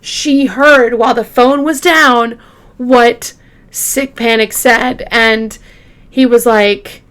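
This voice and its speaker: A woman hosting a true crime show, retelling a case casually with halting fillers and restarts, openly shaken by the grim details. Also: on the high side, steady tone, a bit bright. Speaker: true crime podcast host.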